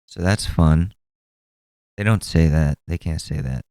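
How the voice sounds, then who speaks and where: A man's voice: very deep voice, unhurried, dark tone, no room sound. A man in his twenties hosting a solo podcast, rambling and exasperated, swearing freely as he talks. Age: 20s. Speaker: podcast host. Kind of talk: casual solo commentary.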